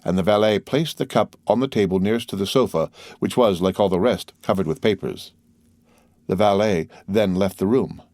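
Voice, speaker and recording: With a fairly low voice, a male audiobook reader delivers scripted narration of a classic novel, keeping his storytelling measured and even. The recording is studio quality with no room sound.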